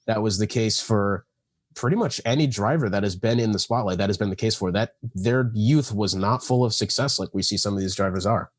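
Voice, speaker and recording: A man's voice: on the low side, brisk, no echo. A nineteen-year-old man as guest co-host on a casual podcast, emphatic and opinionated. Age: teens. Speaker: guest co-host, race commentator. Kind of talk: casual chat.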